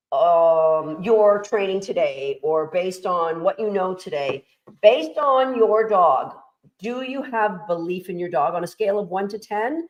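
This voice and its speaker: A woman's voice: mid-range voice, lo-fi sound. A woman hosting a casual panel chat, enthusiastic and encouraging as she reads out viewer comments. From Canada. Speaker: host of agility training livestream.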